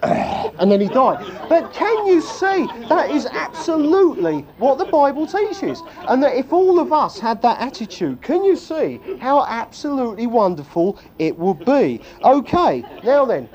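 Man, preacher, humorous sermon, animated storytelling, very lively pitch. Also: measured pace. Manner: animated, storytelling with self-deprecating jokes.

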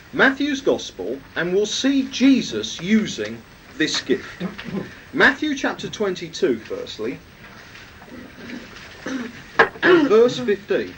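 A man's voice: wildly swooping pitch, extremely slow, pauses often. A man preaching a sermon, teaching from the Bible and often asking his listeners questions. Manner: emphatic, rhetorical questions to listeners. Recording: distant mic, faint rumble.

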